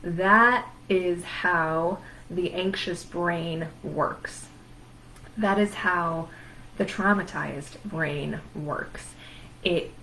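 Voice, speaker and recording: Emphatic low-voiced woman therapist. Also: fairly bright tone, slight background noise, low-quality recording. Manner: emphatic, lists words in rhythmic runs. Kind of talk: educational talk on anxiety.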